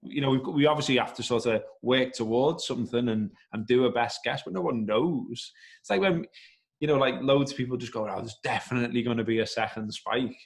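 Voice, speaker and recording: A man's voice: medium pitch, a little fast, creaky. A man speaking as a podcast guest, thinking aloud in a rambling, casual way with some swearing. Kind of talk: casual conversational podcast chat.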